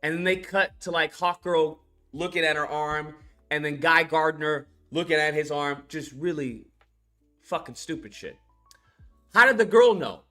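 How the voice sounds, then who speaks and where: A man reviewing a film in a casual rant, animated and profane, laughing as he recaps scenes. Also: on the high side, a little slow, faint music behind.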